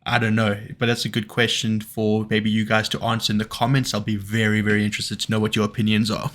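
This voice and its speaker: A man's voice: lowish voice, flat delivery, fast, fairly bright tone. A man with a South African accent hosting a reaction video, musing aloud and putting questions to his viewers. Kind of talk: reaction commentary.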